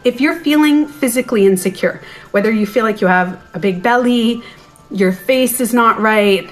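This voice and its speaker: A middle-aged woman with a fairly high voice talks casually to her viewers during a live stream, slightly out of breath. She chats in a self-interrupting way and reads out their comments as she goes. Faint music plays in her den at home. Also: moderate pace. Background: soft music playing.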